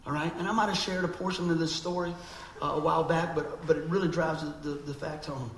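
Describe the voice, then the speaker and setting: A man preaching, his voice gravelly and pitched a little high. He tells a story with animation, acting out other people's voices. The sound is echoey, as in a church hall, with faint background noise. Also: fast talker, hardly any pauses. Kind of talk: storytelling sermon.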